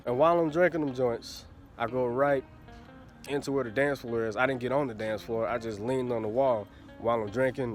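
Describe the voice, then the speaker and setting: A man in his twenties telling a crude storytime vlog into his phone, laughing often and repeating a filler phrase. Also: mid-range voice. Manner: crude, laughing, keeps saying "you know what I'm saying". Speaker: vlogger. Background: faint background music.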